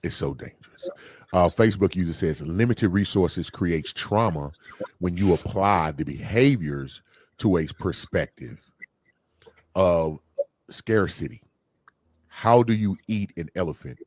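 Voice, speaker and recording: A man hosting a casual podcast conversation, animated and exclaiming, reading out viewer comments. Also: sits low, measured pace, long pauses, no echo. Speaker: podcast host.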